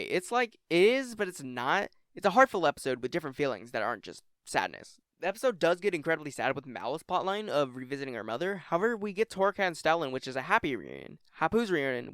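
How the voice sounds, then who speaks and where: A man's voice: mid-range voice, fairly bright tone, clear, resonant tone, dry recording, studio quality. A young man hosting a casual countdown video, rambling and jokey, swearing now and then. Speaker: YouTube list host.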